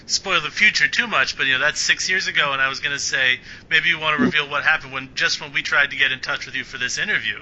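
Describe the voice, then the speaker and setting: A man hosting an interview, asking halting questions with restarts. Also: fairly high pitch, pushed and bright. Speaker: interviewer host. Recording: dull lo-fi line with faint noise.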